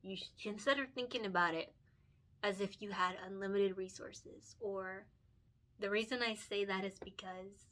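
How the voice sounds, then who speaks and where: Bright-voiced chatty young woman. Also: mid-range voice, steady tone, moderate pace. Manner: chatty, earnest, many fillers and self-corrections; emotional and encouraging, laughs often. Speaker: picture book illustrator and author. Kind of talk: casual chat while coloring.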